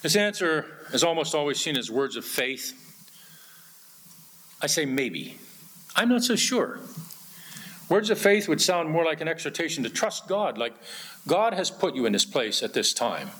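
Earnest preaching man, higher voice. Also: big pitch swings, unhurried, long pauses, a bit bright. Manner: earnest preaching, quoting scripture in old-fashioned wording. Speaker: pastor. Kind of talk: sermon.

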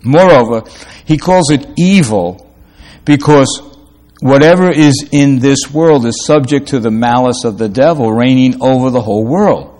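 A pastor preaching a sermon, asking rhetorical questions and rising to emphatic peaks, with quick asides between slow, stressed phrases. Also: male voice, mid-range voice, a little mellow.

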